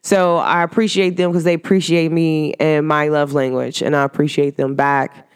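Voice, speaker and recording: A woman talking casually to her viewers in a vlog, animated, rambling and warmly emphatic. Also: deep voice, normal speed, clear, resonant tone. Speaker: vlogger. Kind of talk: casual heartfelt talk to camera.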